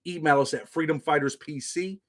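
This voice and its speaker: This middle-aged livestream host has a fairly high voice and speaks fairly quickly in a loose, casual way. He says "man" all the time and reads viewer comments aloud.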